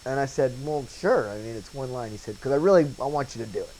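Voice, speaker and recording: A man recalling a story in a casual documentary interview, telling it with lively anecdotes and acting out the voices he quotes. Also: mid-range voice, quick pace, slight background noise, low-quality recording. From Wilmington, North Carolina area. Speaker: interviewee, former set painter turned bit actor.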